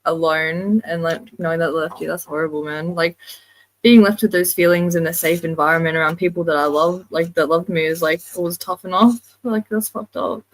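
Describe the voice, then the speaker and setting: A woman chatting with her father on a livestream, animated, swearing and laughing often. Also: on the low side, normal speed, poor audio. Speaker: host's daughter, guest. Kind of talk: casual chat.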